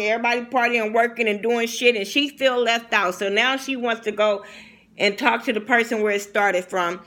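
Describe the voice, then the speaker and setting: Young woman host of a recap vlog with a bright voice, blunt and cursing freely. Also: fairly high pitch. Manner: blunt, profane, opinionated. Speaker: TV reality show reviewer.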